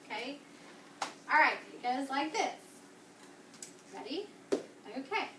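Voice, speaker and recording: A woman's voice: high-pitched, sing-song, slow pace, noisy background. A woman teacher, coaching a classroom of children in an upbeat, coaxing way and repeating key words. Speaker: elementary school teacher. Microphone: far camera. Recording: echoey classroom from far off.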